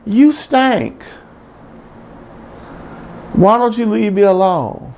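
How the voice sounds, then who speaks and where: A man voicing a disgusted male family dog, using a high, squawking voice that shouts insults. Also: sing-song, drawn-out words, slight background noise, exaggerated voice.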